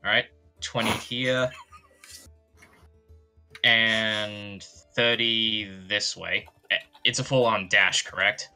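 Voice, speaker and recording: A man with a bright, ringing voice plays a tabletop role-playing game, talking loosely as he works out his turn. Faint music hums underneath him. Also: lowish voice, steady tone, slow pace, long pauses, smooth. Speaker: player.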